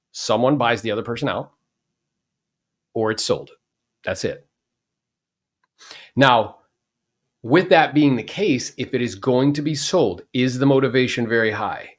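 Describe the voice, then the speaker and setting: A man in his forties hosting a podcast, talking casually and animatedly about real estate, acting out the people he quotes. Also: medium pitch.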